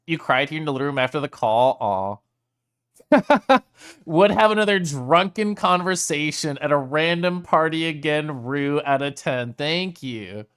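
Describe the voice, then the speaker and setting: A man's voice: on the high side, lively intonation, normal speed, fairly bright tone, clean tone. A male streamer talking casually to his chat, emotional and teary, laughing often between sentences.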